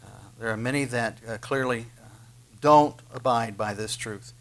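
A man's voice: medium pitch, normal speed, fairly bright tone. A man preaching a sermon, earnest and questioning, with frequent filler sounds as he reads and explains scripture. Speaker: pastor.

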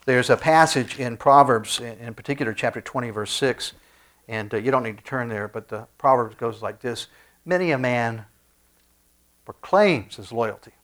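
A man preaching a sermon in a conversational way, with frequent restarts and soft asides. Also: medium pitch. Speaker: pastor.

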